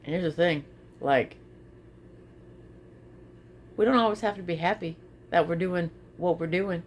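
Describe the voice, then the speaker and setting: A woman vlogging casually to her viewers, expressive, often repeating her phrases and laughing. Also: fairly low pitch, measured pace, long pauses, slight background noise. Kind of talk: casual talk to camera.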